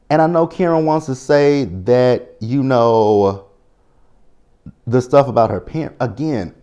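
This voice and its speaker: A young man giving sassy, animated commentary in a casual chat, telling a story with mock voices. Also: medium pitch. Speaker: commentary host.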